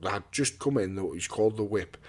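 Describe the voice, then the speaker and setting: Young boxer guy, lowish voice, blunt and sweary, stumbles and repeats himself while telling stories. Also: brisk. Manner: blunt, swears freely, repeats words and acts out others' lines. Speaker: professional boxer, guest. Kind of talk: candid storytelling interview.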